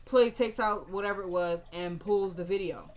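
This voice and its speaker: A woman's voice: medium pitch, normal speed. A woman casually recapping a TV drama episode, retelling scenes by quoting the characters and filling the gaps with "like" and "you know".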